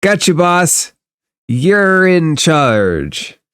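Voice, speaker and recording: A man's voice: a little high, very animated, very slow, fairly bright tone, clean tone, voice pushed up, full character voice. A man voicing a friendly seven-year-old boy in a tabletop game, chirpy and eager.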